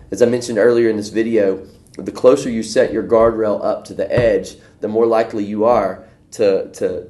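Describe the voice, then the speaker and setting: A man teaching a church video lesson, telling folksy stories and acting out voices in a high, excited tone. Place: church room. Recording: echoey room.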